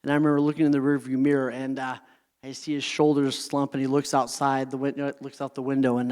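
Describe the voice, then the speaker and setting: A man's voice: mid-range voice, flat delivery, fast talker, a little mellow, smooth. Earnest man speaking in a reverberant hall. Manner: earnest, keeps checking in with the audience; heartfelt personal storytelling. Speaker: motivational speaker. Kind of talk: motivational talk to a live audience.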